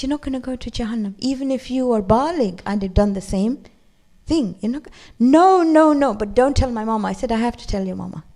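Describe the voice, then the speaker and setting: A middle-aged woman teaching a Qur'an study class, explaining verses with animated storytelling and acted quotes. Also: medium pitch, gravelly. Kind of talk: lecture to a class.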